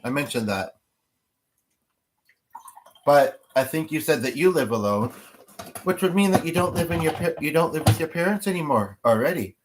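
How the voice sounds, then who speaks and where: A man's voice: fairly high pitch, animated, moderate pace, long pauses, a little hiss or hum. Man, livestream host, casual chat with viewers, rambling, digressive, thinking aloud.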